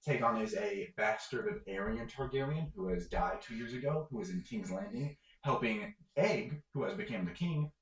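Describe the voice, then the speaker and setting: A man's voice: mid-range voice, expressive, moderate pace, hardly any pauses, echoey room, low-quality recording. A man narrating as game master of a tabletop game, rambling with many fillers.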